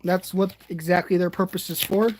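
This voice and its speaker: An eighteen-year-old man chatting casually from his bed during a livestream unboxing, rambling and excitable, and often poking fun at himself. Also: sits high, moderate pace, slight background noise. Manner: excitable, rambling, self-deprecating. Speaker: toy reviewer streaming.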